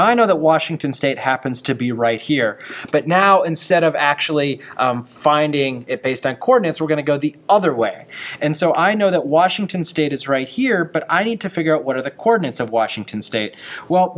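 A man teaching a geography lesson in a relaxed, folksy way, chatting through each step with small asides. His voice sits a little higher than most men's. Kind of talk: classroom map lesson.

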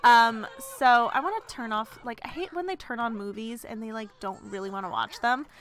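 A woman's voice: on the high side, normal speed, a bit bright. A woman narrating a life-simulation game in casual, rambling commentary full of fillers and restarts. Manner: chatty, gossipy storytelling. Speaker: let's play narrator.

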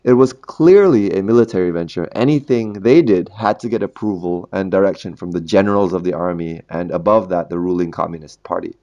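A man's voice: sits low, brisk, hardly any pauses, mellow, highs cut off. A man hosting a history podcast in a casual monologue, jokey and chatty, laughing at his own puns. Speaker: podcast host.

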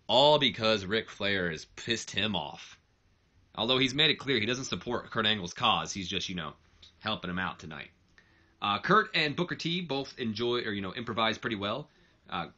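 A man's voice: lowish voice, pushed and bright, highs cut off. A man giving casual commentary on a wrestling management game, rambling and correcting himself as he goes. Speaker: let's play narrator.

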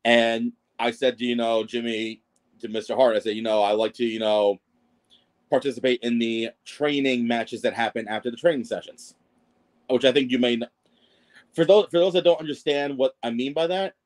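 Here a man with a mid-range voice and fairly even intonation speaks at a moderate pace. As a podcast guest, he rambles through his wrestling ring announcer story in a casual interview, self-deprecating and prone to fillers and restarts.

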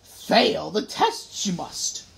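A woman voicing a small, wise origami Yoda puppet that croaks its lines in scrambled order, read in an audiobook. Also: mid-range voice, lively intonation, extremely slow, full character voice. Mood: cryptic. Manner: inverted word order, croaking. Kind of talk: audiobook reading.

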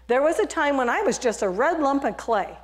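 A whiny little clay teacup cries out in high, pleading protests, as a woman pastor puts it on. It sounds fearful and indignant, a storybook object come to life inside a sermon. The voice rides above her usual tone. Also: expressive, brisk.

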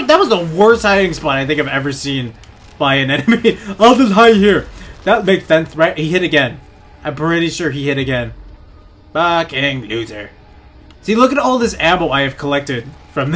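A young man narrating his horror game playthrough, swearing often and yelling at enemies. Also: on the high side. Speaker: gaming YouTuber. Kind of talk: let's play commentary.

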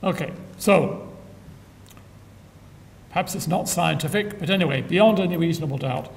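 An older man delivers a public science lecture in a somewhat high, gravelly voice, full of "uh"s and dry asides. He sounds far from the microphone, and his voice rings in a large hall over a faint low rumble. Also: normal speed. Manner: dry humor, many filler "uh"s. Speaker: physicist giving a public lecture.

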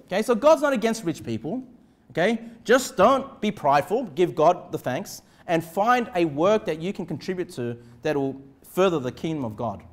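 Animated high-voiced preaching man. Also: moderate pace. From Australia. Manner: animated preaching, emphatic repetition, rhetorical questions. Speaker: pastor. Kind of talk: sermon. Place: church.

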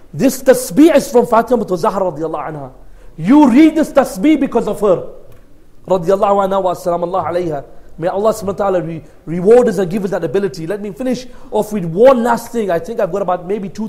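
A man preaching in English, telling a story with Arabic honorifics woven in, his voice dropping soft at tender moments. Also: high-pitched. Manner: storytelling with varying loudness, softening in tender moments. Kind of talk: sermon.

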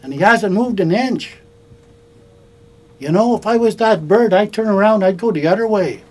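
A man voicing an idle male laborer who stops work to muse about a bird, his voice pushed up higher and slower than his own. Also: expressive, darkish tone. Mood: musing.

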